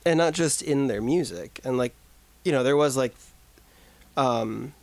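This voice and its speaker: Gravelly man chatting casually on a podcast. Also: mid-range voice, unhurried, darkish tone, no echo. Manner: rambling, filler-heavy, jokey. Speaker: podcast co-host. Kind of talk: casual chat.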